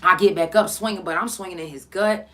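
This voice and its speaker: A young woman hosting a podcast, telling a story in blunt, profane, animated casual talk. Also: lowish voice, fairly quick. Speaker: podcast host.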